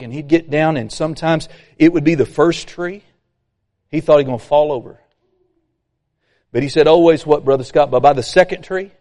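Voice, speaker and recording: A man preaching a sermon, folksy and animated, acting out complainers. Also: on the high side. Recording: long hall reverb.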